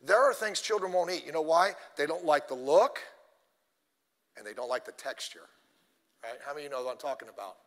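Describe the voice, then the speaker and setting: Animated high-voiced male preacher. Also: a little fast, long pauses, in a large hall. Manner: animated storytelling, addresses the congregation. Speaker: pastor. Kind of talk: sermon.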